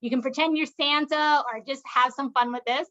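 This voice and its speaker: A woman's voice: high-pitched, fairly even intonation, fairly quick, bright, forceful tone, lo-fi sound. A woman leading a laughter yoga session as instructor and doctor, coaxing the group along in an upbeat way with bursts of laughing and cheering.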